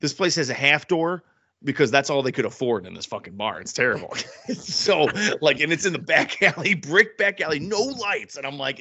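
A man's voice: a little high, animated, brisk, sharp tone, slightly rough. A man co-hosting a casual sports podcast, telling rambling stories and swearing freely. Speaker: podcast co-host. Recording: dull lo-fi sound.

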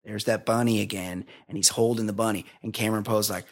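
A man's voice: on the low side, fairly even intonation, quick pace, few pauses. A man co-hosting a podcast, casually retelling a film's scenes in a rambling way with frequent laughs. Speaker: podcast co-host. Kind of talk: casual movie review chat.

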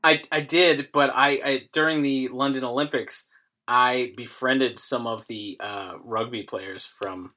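A man's voice: mid-range voice, steady tone, a little slow, pushed and bright. A man co-hosting a casual podcast, telling a story with a wry edge. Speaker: podcast co-host.

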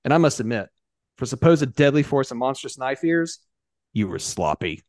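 A man voicing a gruff, growling knight pilot. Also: medium pitch, sing-song, moderate pace, a little mellow, no room sound, clean studio sound, natural voice. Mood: snarling. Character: grim angry male knight pilot.

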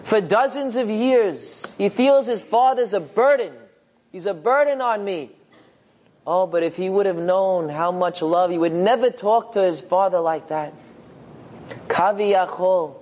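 A man telling a moral story as a sermon, with animated, dramatic delivery. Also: sits high, measured pace. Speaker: storyteller, religious speaker.

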